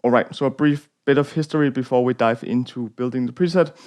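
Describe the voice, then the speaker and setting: A man's voice: medium pitch, a little fast. A young Danish man with a Danish accent, hosting a guitar tone tutorial in a casual, rambling way with lots of fillers and self-deprecating jokes. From Denmark. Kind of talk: casual gear walkthrough.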